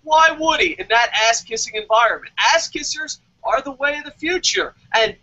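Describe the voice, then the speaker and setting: A man doing a shrill ranting superfan. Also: moderate pace, sharp tone, full character voice. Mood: sarcastic. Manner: ranting, sarcastic, heavy swearing. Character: loud sarcastic adult male wrestling superfan. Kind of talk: comedic rant in character. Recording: dull lo-fi audio.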